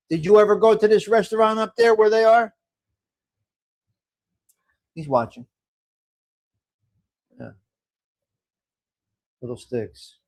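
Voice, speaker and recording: A middle-aged man hosting a casual livestream, reading viewer comments and chatting in a rambling way with frequent laughs. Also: a little high. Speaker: livestream host.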